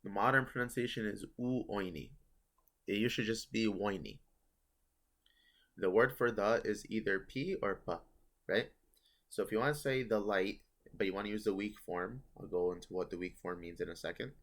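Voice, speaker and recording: A man's voice: on the low side, normal speed, fairly bright tone. A man teaching a casual online grammar lesson, explaining step by step and correcting himself as he goes. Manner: explains step by step, self-correcting, thinking aloud. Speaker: language teacher.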